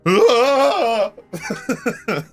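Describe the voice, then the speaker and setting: A man streaming a game, telling a story in a casual, animated way, swearing freely and laughing often. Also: very high voice, very slow, soft background music.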